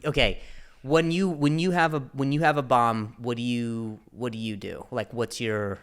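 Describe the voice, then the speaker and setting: A man hosting a podcast, chiming in with quick jokes and questions in casual chat. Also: mid-range voice, smooth. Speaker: podcast host. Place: podcast studio.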